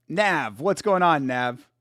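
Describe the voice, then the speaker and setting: Male stream host, slightly high voice, casual and giggly, swears freely, dead-dry booth sound. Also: fairly bright tone, dry recording. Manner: laughs a lot and keeps apologizing. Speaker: livestream host. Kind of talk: casual live-stream chat, reading viewer comments.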